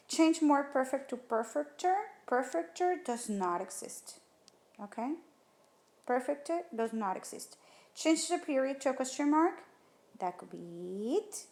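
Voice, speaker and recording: A woman teacher with a slightly high voice works through test questions for students. She thinks aloud and rereads sentences slowly as she weighs each answer choice. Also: darkish tone. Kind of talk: recorded test-prep lesson. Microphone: tablet whiteboard screen recording.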